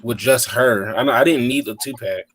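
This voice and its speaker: A man's voice: medium pitch, moderate pace, a bit bright, slightly rough. Blunt, profane man. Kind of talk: casual chat.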